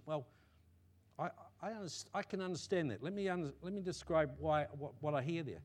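A man preaching a sermon and sharing his testimony, halting with restarts and swelling to loud emphatic peaks. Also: fairly high pitch, lively intonation. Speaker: pastor.

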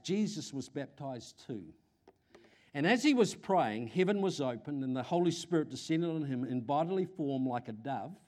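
An older man with a New Zealand accent delivers an animated sermon to a congregation, often repeating words and posing questions. His pitch is fairly high.

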